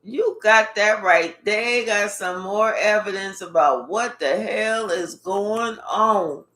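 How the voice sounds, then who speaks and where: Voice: medium pitch, slow pace, sharp tone. A spiritual reader giving a casual reading in a blunt, profane, repetitive way. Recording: echoey room.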